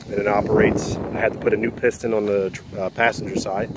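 A middle-aged man selling a car does a casual walkaround video, talking around a cigar as he rambles, first outdoors and then inside the car. His voice is on the low side with little pitch movement and a fairly quick pace, against street and engine noise.

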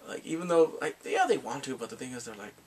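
A man recapping a drama in casual chat, excitable, often laughing and sighing as he acts out the characters' lines. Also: medium pitch, fast talker, breathy edge. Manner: excitable, quotes characters in lively voices, laughs and sighs often. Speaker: drama reviewer.

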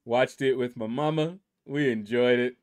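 A man's voice: medium pitch, normal speed. A man hosting a gaming channel, chatting casually with rambling asides as he reads through a leaderboard. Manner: laid-back and rambling, with many asides. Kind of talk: casual commentary reading a leaderboard.

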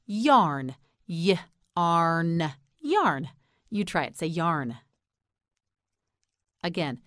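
A patient English pronunciation teacher, an American woman, teaches words in a slow, clear, scripted lesson. Her voice sits on the low side, and the studio recording is clean with no echo. She repeats words slowly and asks the listener to say them back.

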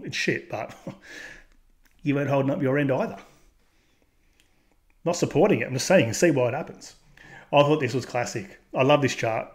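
A man hosting casual commentary, talking in a blunt, crude way and laughing at his own jokes. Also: mid-range voice. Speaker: host. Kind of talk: casual commentary reacting to posts.

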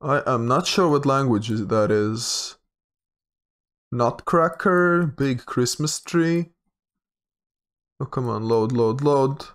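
A man's voice: mid-range voice, lively intonation, slow pace, long pauses. A young man giving casual commentary while he plays a geography guessing game, thinking aloud with hesitant, repeated words. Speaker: game streamer.

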